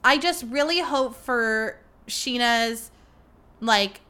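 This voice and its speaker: A woman's voice: fairly high pitch, takes it slowly, pushed and bright, clean tone. A young woman hosting a podcast, telling stories in a chatty, casual way, full of fillers and the odd swear word. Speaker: podcast host. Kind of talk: casual chat.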